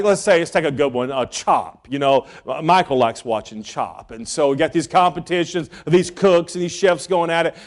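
A middle-aged male pastor preaching a sermon, telling stories with sudden swings from loud bursts to hushed asides. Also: high-pitched.

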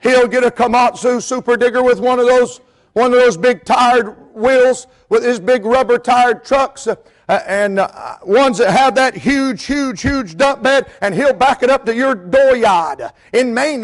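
A middle-aged preacher man from the North Carolina mountains delivers a sermon. His voice sits high for a man. He tells stories in a low, easy register, then climbs into full hollering. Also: measured pace. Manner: storytelling, swings from quiet to hollering. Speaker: pastor and missionary.

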